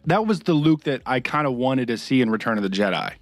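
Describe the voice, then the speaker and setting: A man's voice: medium pitch, expressive, fast talker, dry recording, soft background music. A young man co-hosting a casual podcast, ranting and swearing in frustration. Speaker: podcast co-host.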